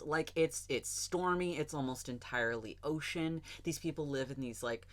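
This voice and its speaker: A woman co-hosting a podcast, rambling through a film plot in casual, animated chat and swearing now and then. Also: deep voice, normal speed, few pauses. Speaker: podcast co-host.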